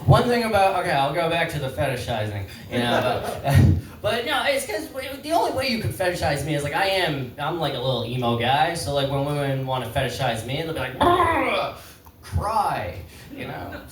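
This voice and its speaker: A man doing a stand-up set in a pub, rambling and halting in a self-deprecating way. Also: fairly high pitch, sing-song. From Canada. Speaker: stand-up comedian. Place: pub comedy stage. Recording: roomy pub, distant mic, crowd laughter. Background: audience laughter.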